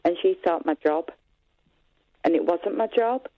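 A middle-aged woman calling a phone-in, talking hesitantly with many pauses, sounding distressed. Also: fairly low pitch, no room sound. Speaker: caller. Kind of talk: phone-in call. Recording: tinny phone line.

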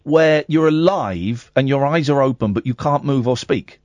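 A male radio phone-in host, quick-witted and sarcastic, teasing callers and reading aloud in a mock-serious tone. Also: medium pitch, a little mellow, no echo, lo-fi sound. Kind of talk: late-night radio phone-in.

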